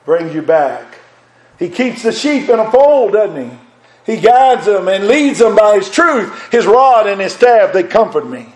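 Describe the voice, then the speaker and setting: A man preaching a sermon, swinging between loud, fervent passages and hushed ones. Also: high voice, big pitch swings, a little slow.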